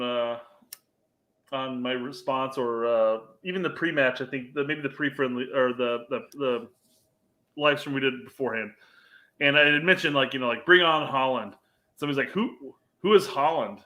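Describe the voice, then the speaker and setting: A man's voice: medium pitch, fairly quick, sharp tone. A man co-hosting a podcast, rambling through a casual sports chat with lots of hesitation. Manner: rambling, hesitant, many fillers and restarts. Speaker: podcast co-host.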